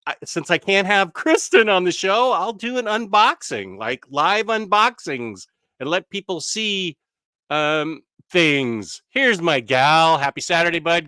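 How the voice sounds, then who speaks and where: Man, livestream host, bright and clear, rambling, self-interrupting chatter. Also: a little high, no echo, studio quality. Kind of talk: casual live-stream chat. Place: home room.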